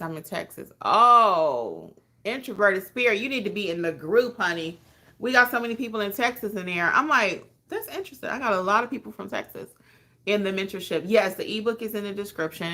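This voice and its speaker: Animated woman with a gravelly, bright voice. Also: medium pitch. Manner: animated, emotional, encouraging, calls viewers honey. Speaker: notary trainer hosting a live stream. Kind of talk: casual live-stream chat reading viewer comments.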